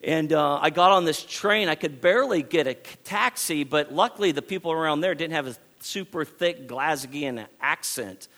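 A man from Texas, preaching a sermon in an animated way, often restarting and repeating phrases. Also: on the high side, moderate pace, few pauses.

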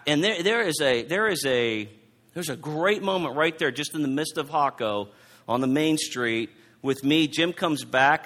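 Bright-voiced middle-aged man preaching. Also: on the high side. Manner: halting, repeats words, warm storytelling with scripture reading. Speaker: pastor. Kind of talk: sermon with personal story.

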